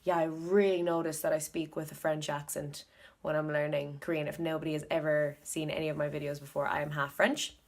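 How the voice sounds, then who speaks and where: Low-voiced Irish woman chatting on her vlog. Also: little pitch movement, fairly quick. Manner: chatty, thinks aloud, repeats words to practise. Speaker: video blogger learning Korean. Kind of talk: casual study vlog.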